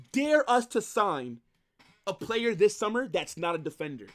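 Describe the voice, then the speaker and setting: A young man hosts a live football watch-along, ranting with exasperation and breaking into shouted bursts. His pitch leaps and plunges all over the place. The tone is bright and forceful. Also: big pitch swings, normal speed. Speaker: fan stream host.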